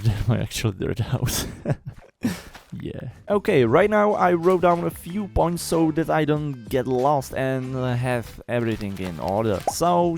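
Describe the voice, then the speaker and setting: A man's voice: medium pitch, gravelly, darkish tone. A man casually narrating his gameplay as a video game channel host, chatty and lightly self-mocking, with non-native English phrasing. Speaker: Minecraft YouTuber.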